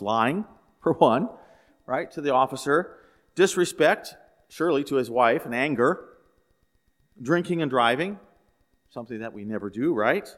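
A man's voice: mid-range voice, fairly bright tone. A man pastor giving a sermon in a conversational storytelling way, asking the listeners questions. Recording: echoey hall.

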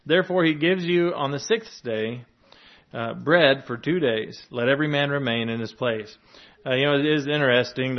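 A man gives a sermon in an easy, conversational way, reading scripture and breaking into small chuckles. His voice sits in a middle pitch. The recording sounds dull and lo-fi. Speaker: preacher.

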